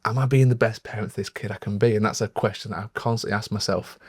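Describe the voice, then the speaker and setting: A man's voice: fairly low pitch, fairly even intonation, fast, husky, no echo. A young man co-hosting a podcast, telling a parenting story in an earnest, reflective way with lots of fillers. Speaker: podcast co-host. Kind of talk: casual chat.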